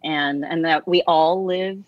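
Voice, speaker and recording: A low-voiced woman in her forties speaks as an interview guest, earnest and reflective, reaching back through her own story in loose conversational talk. Her voice sits on a dry, slightly dull recording with no room sound. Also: fairly even intonation, takes it slowly, no room sound. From United States. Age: 40s. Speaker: interview guest, music teacher and author.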